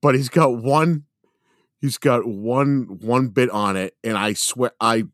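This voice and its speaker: A man telling a story in casual podcast chat, rambling along with plenty of fillers and cursing. His voice sits at an ordinary pitch for a man. The recording is dry and close. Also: slow, no room sound.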